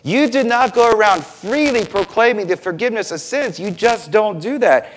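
Male pastor, fairly high voice, very lively intonation, preaching and acting out scenes. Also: normal speed, hardly any pauses, a little hiss or hum. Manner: animated, acts out biblical scenes with quoted voices. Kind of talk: sermon.

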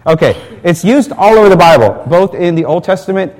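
A man's voice: high voice, animated, fairly quick, a little mellow. A man preaching as a pastor at a church service, in a chatty, self-deprecating way with lots of restarts. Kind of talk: conversational sermon.

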